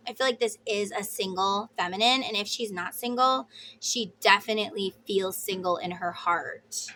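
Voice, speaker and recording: A tarot reader gives her viewers a casual reading, chatty and emphatic, at times blunt and swearing. Her medium-pitched voice is pushed and bright at a moderate pace, with slight background noise.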